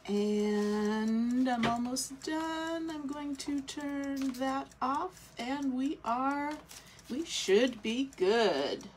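A woman's voice: high voice, drawn-out words. A woman hosting a casual live craft demo from a small studio, chatty and welcoming, thinking aloud as she works, with a scratchy throat and stuffy nose. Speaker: craft livestream host.

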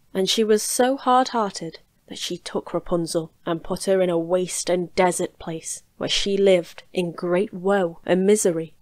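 A woman reading a fairy tale aloud in a calm, measured storytelling voice, recorded in a home studio. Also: mid-range voice, no echo.

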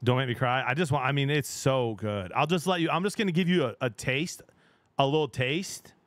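A middle-aged game streamer chats casually with viewers during a live stream, chatty and excitable, laughing often and trailing off mid-sentence. His medium-pitched voice moves a little fast, and the recording is dry.

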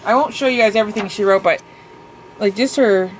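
A woman chatting casually as she opens crafting mail, gushing and excitable, full of fillers. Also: medium pitch, fairly quick, slight background noise, poor audio. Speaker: craft vlogger; mother. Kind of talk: casual unboxing chat.

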